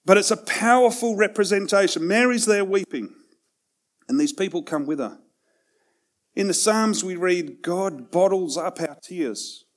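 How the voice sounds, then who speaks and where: A man preaching a sermon in a conversational way, with self-deprecating asides, swinging between loud and hushed passages. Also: high-pitched, unhurried. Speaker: pastor.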